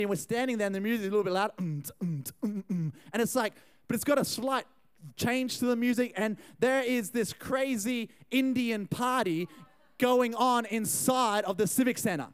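Young male youth pastor, high and smooth voice, lively storytelling sermon. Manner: animated, chatty, addresses the crowd.

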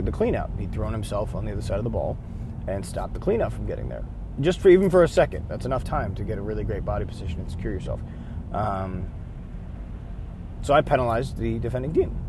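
A man who referees rugby, talking casually in a car, rambling and correcting himself, now and then acting out players' shouts. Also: on the low side, a little hiss or hum. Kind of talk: casual vlog talk.

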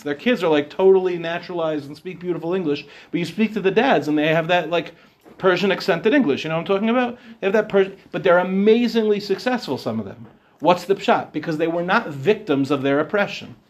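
A middle-aged man giving an informal Torah lecture as a rabbi, speaking conversationally and often asking his listeners questions. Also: high voice. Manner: conversational, asks the audience questions.

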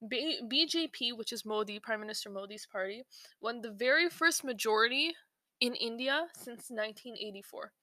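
A young woman hosts a podcast in loose, rambling chat. She keeps restarting her sentences and filling gaps with "like". Her voice is bright and a little high, and the dry recording has almost no room sound. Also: normal speed, dry recording. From South Asia. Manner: rambling, many fillers and restarts. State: slightly out of breath while eating. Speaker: podcast host.

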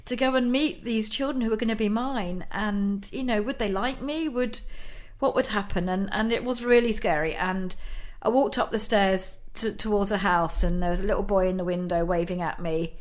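A woman's voice: medium pitch, steady tone, moderate pace, hardly any pauses. A middle-aged woman, a guest in an interview, telling a personal story in a chatty way, laughing often and using many fillers.

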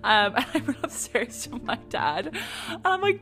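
A young woman telling stories about her week in a casual, animated way, swearing freely and saying "like" a lot. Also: a little high, normal speed, gravelly, faint music behind. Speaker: vlogger. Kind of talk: casual storytelling.

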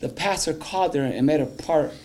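Fervent high-voiced male pastor preaching. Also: fairly quick, a little mellow, a little hiss or hum. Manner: fervent, breaks into speaking in tongues; call-and-response with the congregation. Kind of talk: sermon.

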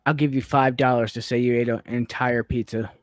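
A man's voice: mid-range voice, level tone, fairly quick, no room sound, studio quality. A man co-hosting a comedy podcast, playing through improv scenes in a hesitant, stammering, playful way. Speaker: podcast co-host.

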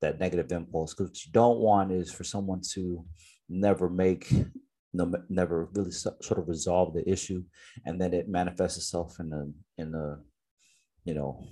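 A man's voice: low voice, steady tone, normal speed, mellow, husky. A man co-hosting a podcast in casual chat, reflective, full of fillers and restarts. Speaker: podcast co-host.

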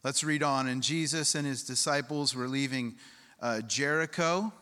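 A man's voice: mid-range voice, moderate pace, sharp tone, smooth, in a large hall. A male pastor preaching a sermon in a conversational way, asking the congregation questions and reading scripture aloud.

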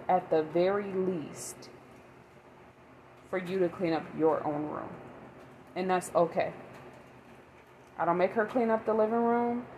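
Rambling mom vlogger, emphatic. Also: female voice, on the low side, darkish tone, a little hiss or hum, low-quality recording. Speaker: mother vlogger. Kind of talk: casual monologue.

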